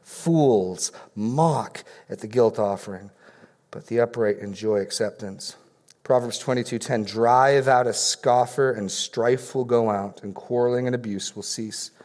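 A male pastor preaching in a room with a long, lingering reverb. His voice sits at an ordinary middle pitch. He reads verses aloud, then explains them with pointed questions. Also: a little mellow. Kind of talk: sermon.

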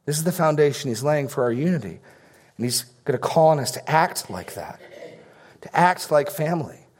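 A man's voice: fairly high pitch, a little mellow. A middle-aged man preaching a sermon as pastor, teaching earnestly through outline points and Bible verses.

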